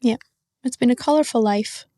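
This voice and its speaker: A woman's voice: fairly high pitch, normal speed, mellow, no room sound, studio quality. Blunt young Northern Irish woman. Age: young adult. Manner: blunt, matter-of-fact, frank. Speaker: guest. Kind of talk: candid interview talk.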